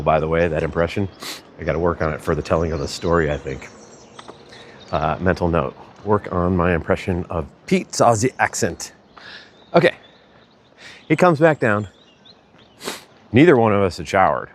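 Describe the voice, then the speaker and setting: Male vlogger, lowish voice, loose and chatty storyteller who self-corrects, with faint ambient noise behind. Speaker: vlogger walking a pilgrimage route. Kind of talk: casual storytelling to camera.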